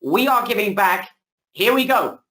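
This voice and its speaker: A man hosting a live webinar, pitching energetically and repeating himself, losing his voice a little. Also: lively intonation, normal speed, sharp tone, poor audio. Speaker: webinar host. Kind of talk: hyped live sales pitch. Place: home, indoors.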